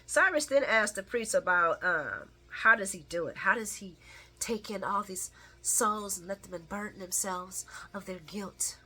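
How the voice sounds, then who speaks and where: A woman casually recapping a soap opera episode, chatty and animated, laughing often as she retells scenes. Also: mid-range voice, measured pace.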